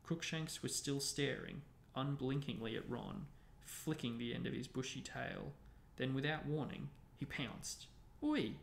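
A man hosting a book discussion, narrating a novel aloud in a steady reading voice. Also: mid-range voice, a little slow, vocal fry, few pauses. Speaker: host and book reader. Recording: echoey room, faint noise.

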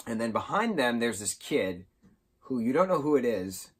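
A man giving a casual, excitable spoken recap of a film, rambling and sometimes losing his train of thought. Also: mid-range voice, normal speed, slightly rough. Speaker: movie reviewer.

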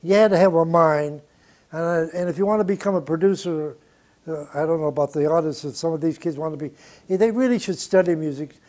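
An older man, a record producer, tells studio stories in an interview with a warm, somewhat high voice at a fast pace. He's blunt and profane, punctuating his tales with short chuckles.

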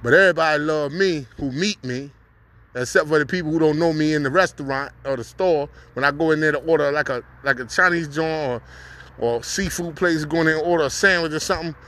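A man's voice: a little high, brisk, fairly bright tone. A man from North Carolina, vlogging casually outdoors on a city street and talking loosely in slang with frequent laughs. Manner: laid-back slangy street talk, laughs often. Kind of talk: casual vlog talk to camera.

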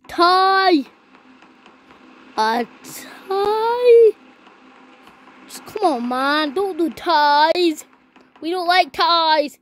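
A woman playing a video game while chatting, excitable and loudly complaining about how the game is going. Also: very high voice, extremely slow, long pauses, no echo. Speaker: gamer.

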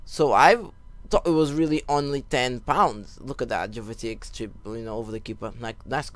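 A young man telling a rambling story while giving casual commentary over a football video game, breaking off for excited goal calls. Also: medium pitch, normal speed, dry recording. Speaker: gaming YouTuber.

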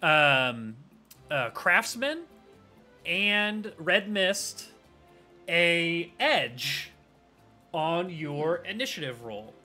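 A man's voice: a little high, animated, drawn-out words, pauses often, bright, forceful tone, soft background music. A man narrating as game master for a tabletop game, rambling loosely with hedges.

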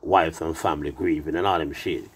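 A man's voice: a bass voice, fairly even intonation, a little fast, slightly rough. A man telling a rambling, profanity-heavy story in loose patois and now and then sliding into song. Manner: swears constantly, loose patois, drifts into singing. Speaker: reggae artist. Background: loud music.

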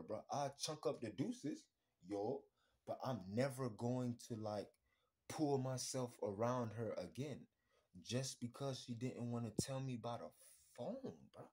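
Husky guy on a podcast going off, crude and blunt, muttering then suddenly loud. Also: mid-range voice, normal speed. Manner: swings between muttering and loud outbursts. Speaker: podcast host. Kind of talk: casual podcast rant.

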